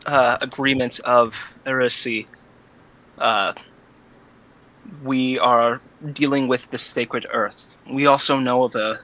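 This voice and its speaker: A man playing in a tabletop game, speaking in a halting, careful way with many fillers. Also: mid-range voice, pushed and bright, poor audio. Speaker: player. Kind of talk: casual tabletop play.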